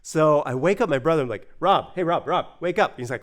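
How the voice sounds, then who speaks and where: A man from the United States telling a personal story in a casual, animated way, acting out the voices he quotes. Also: on the high side, fairly quick, hardly any pauses. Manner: animated, acts out quoted voices, many fillers.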